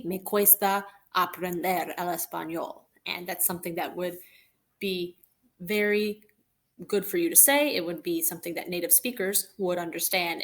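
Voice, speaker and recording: A woman's voice: on the low side, vocal fry. A woman teaching Spanish, narrating a recorded lesson over slides and patiently explaining example phrases in English and Spanish.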